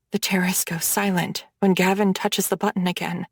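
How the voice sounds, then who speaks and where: A woman reading a dark romance audiobook in first person, with dramatic storytelling. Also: fairly low pitch, little pitch movement, moderate pace, hardly any pauses, slightly rough, no echo, clean studio sound. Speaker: audiobook narrator.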